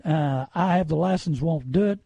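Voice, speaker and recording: A man's voice: a little high, moderate pace, gravelly, dark tone, breathy edge, dry recording. A middle-aged man, hosting a talk radio show with folksy, indignant ranting. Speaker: radio host.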